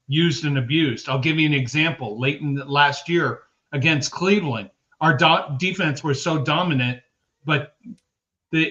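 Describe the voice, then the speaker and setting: A man's voice: mid-range voice, pushed and bright, highs cut off. A man co-hosting a casual sports podcast, explaining things in a confident, matter-of-fact way. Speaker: podcast co-host.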